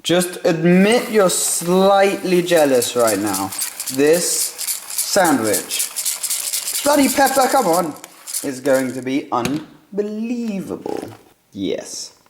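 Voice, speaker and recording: A young man with an English accent chatting casually to camera at home as a vlogger, excitable and self-mocking. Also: a little high, very slow, a little hiss or hum. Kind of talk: casual vlog chat to camera. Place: home, kitchen indoors. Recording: roomy echo.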